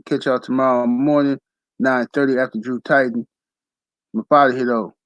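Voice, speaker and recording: A man hosting a casual boxing livestream, ranting fast and animated with heavy profanity and slang. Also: medium pitch, no room sound, muffled recording. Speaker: boxing talk show host.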